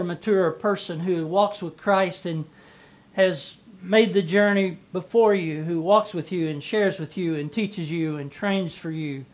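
A man preaching a sermon as pastor, repeating phrases and swelling and dropping in volume. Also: sits high.

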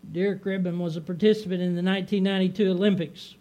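A middle-aged man preaching a sermon as pastor, emphatic and repetitive, slowing down to stress his words. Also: sits high, fairly even intonation, mellow. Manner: emphatic repetitive preaching, swelling on key phrases.

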